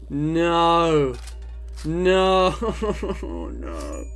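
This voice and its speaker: Male streamer, animated and swingy in pitch, loose live game commentary with cursing. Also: drawn-out words, faint music behind. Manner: animated, swears and groans at the game.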